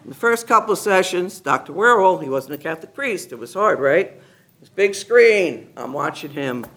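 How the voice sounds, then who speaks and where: A man giving a personal testimony to a gathered group, an animated storyteller who acts out other people's lines and laughs often. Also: high-pitched, normal speed. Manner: laughs often while talking. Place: meeting room with a gathered group.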